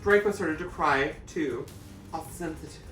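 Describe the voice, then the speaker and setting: A man's voice: fairly high pitch, measured pace, a bit bright. A man, a drag performer, giving a campy, comic dramatic reading of a fanfic and breaking into laughter. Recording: echoey room, mic at a distance, faint music.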